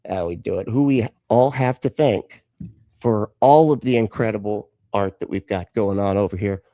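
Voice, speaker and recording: A man's voice: on the low side, moderate pace, dark tone, dry recording. A man hosting a live reaction stream, talking back at video clips with sarcastic, profane asides. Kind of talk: casual live-stream commentary.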